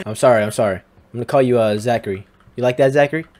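A man's voice: mid-range voice, fast talker, darkish tone. Teasing young man playing a game. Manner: teasing, talks back to the game characters. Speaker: gamer. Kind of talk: casual game commentary.

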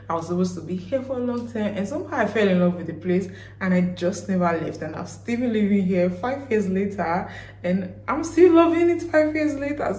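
A woman's voice: on the low side, darkish tone, roomy sound. A young Nigerian woman with a Nigerian accent, chatting casually to camera as a vlogger and saying "basically" often.

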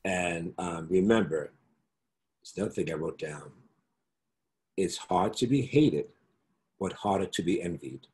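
A middle-aged man, a guest in a casual interview over a video call, telling animated stories and slipping into the accents and voices of the people he quotes. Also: deep voice, a little slow, long pauses. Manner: flamboyant, animated storyteller who slips into voices and accents.

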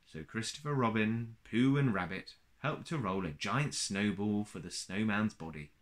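A man reading a children's story aloud in a gentle, expressive way. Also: lowish voice, normal speed.

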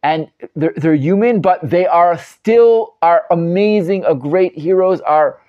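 A man teaching a live Torah class as a rabbi, animated and emphatic, often restarting and repeating words. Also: fairly high pitch, a little slow, dull audio.

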